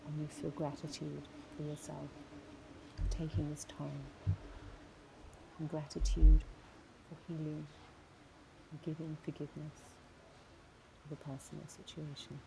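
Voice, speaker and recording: A woman guiding a slow, soothing meditation, later speaking as a guest in an interview. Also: deep voice, completely flat delivery, vocal fry, noisy background. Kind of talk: guided meditation then interview.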